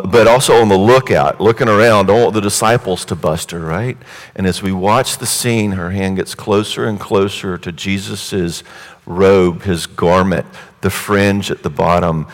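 A man preaching a sermon in a vivid, conversational storytelling way. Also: sits low. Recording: echoey hall reverb.

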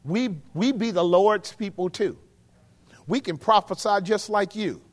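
A man preaching a sermon as pastor, swinging from hushed asides to shouts and calling on the congregation. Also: high-pitched, unhurried. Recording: long hall reverb.

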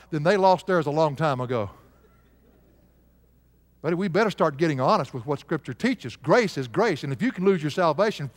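A male preacher delivering an emphatic sermon, asking his congregation to answer aloud. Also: high voice. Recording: live sermon with long hall reverb.

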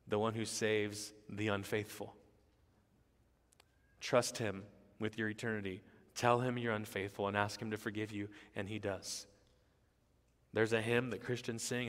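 A man's voice: lowish voice, little pitch movement, moderate pace, long reverb tail. A man who is a pastor, preaching a sermon with emphatic, repetitive phrasing.

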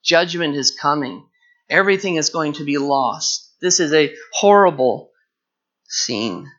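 A man's voice: on the high side, lively intonation, unhurried, fairly bright tone. A man teaching a Bible lesson verse by verse, explaining the text in an earnest, explanatory way and drawing out key words. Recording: dull lo-fi recording.

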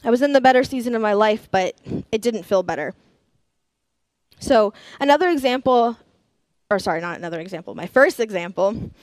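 A woman's voice: on the high side, animated, a little fast, darkish tone, no room sound. A young woman giving an earnest sermon, sharing personal stories and reading scripture aloud. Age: young adult.

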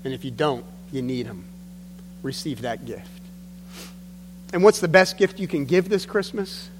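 A man's voice: medium pitch, animated, a little slow. Earnest male pastor in a reverberant hall. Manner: earnest storytelling with emphatic drops. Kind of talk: sermon. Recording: long hall reverb with faint hum.

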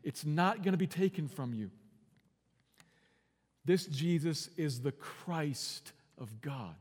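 A man preaching a sermon as pastor, earnest, swinging from quiet and slow to loud and urgent. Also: on the high side, breathy edge, in a large hall. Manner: earnest preaching with big swings in volume and pace.

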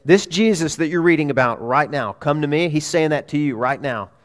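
A man preaching as a church pastor speaks at a fairly high pitch and a slightly fast pace. He drives his points with repeated key phrases, alternating between loud urgency and hushed softness.

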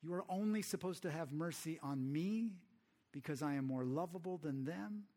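Jonah, a man doing a shrill furious prophet. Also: normal speed, dark tone. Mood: indignant. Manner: outraged, whiny complaining.

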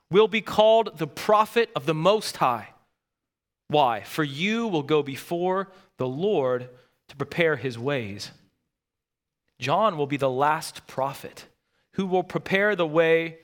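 A male pastor delivers a sermon with a high, bright voice that keeps an edge of intensity. He hammers his points home by repeating key words and phrases. His delivery is emphatic and earnest throughout.

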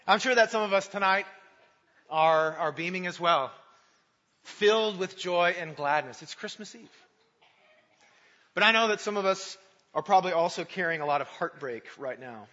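A man preaching a Christmas Eve sermon, praying and telling a story in an earnest storytelling manner. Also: on the high side. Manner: storytelling, earnest and warm in prayer. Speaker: pastor. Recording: dull sound in a large reverberant church.

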